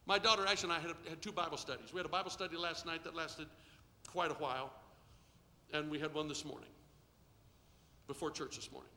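A middle-aged male pastor preaching a sermon, leading call-and-response and swinging from hushed asides to shouting. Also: on the high side, brisk, in a large hall, slight background noise. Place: church sanctuary.

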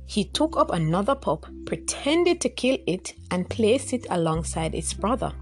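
A woman tells a folktale in a lively, expressive storytelling voice, with her pitch rising and falling in wide swings. Her voice sits in a middle range. Faint music plays softly behind her. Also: measured pace, hardly any pauses. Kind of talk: scripted folktale narration.

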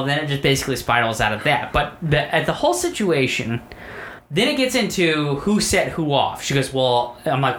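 A man's voice: medium pitch, animated, brisk, a bit bright, slight background noise. A man on a podcast telling a long story about an argument, swearing often and sounding fed up as he quotes both sides. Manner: profane, exasperated, recounts arguments in quotes. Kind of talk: casual storytelling rant.

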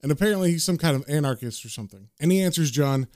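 A man's voice: on the high side, animated, rapid-fire, darkish tone, no echo, clean studio sound. A man casually recapping and reading a comic aloud, with loose filler words. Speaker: comic book reader and recapper.

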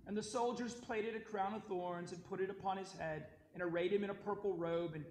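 A man reads the gospel in a steady, formal manner, his fairly high voice ringing through an echoey church sanctuary. Faint ambient noise sits behind him. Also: fairly quick. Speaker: scripture reader. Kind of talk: liturgical gospel reading.

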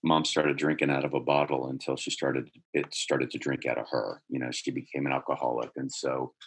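A middle-aged man with a husky voice, earnestly telling a personal story in conversation, growing more animated as he goes. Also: a bass voice, a little fast. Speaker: guest telling his life story.

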